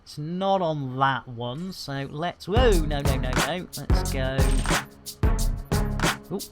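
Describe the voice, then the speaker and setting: A woman chatting casually on a game live stream, greeting and thanking viewers with lively exclamations. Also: low voice, slow pace, loud music behind the voice.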